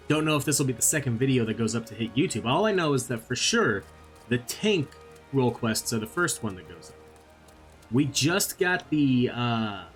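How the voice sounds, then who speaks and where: A man casually commenting over his own gameplay, rambling and self-deprecating as he thinks out loud. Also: mid-range voice. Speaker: gaming channel host.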